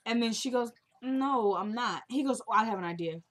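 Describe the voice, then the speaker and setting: A woman's voice: on the high side, fast talker, a bit bright. A young woman casually recapping a TV drama episode, retelling scenes and quoting the characters in a chatty way.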